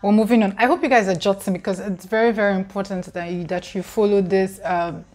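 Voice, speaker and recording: Deadpan woman vlogging. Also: medium pitch, quick pace, slight background noise. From Nigeria. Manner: mock-serious, chatty, laughs at herself. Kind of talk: deadpan comedy tutorial.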